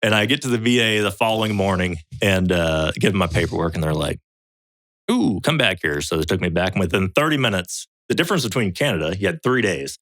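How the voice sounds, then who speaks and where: In a low, slightly fast voice with no room sound, a man who's a veteran of a survival show shares a story as a podcast guest. The chat is casual. He animatedly acts out others' quotes in raised voices and curses freely.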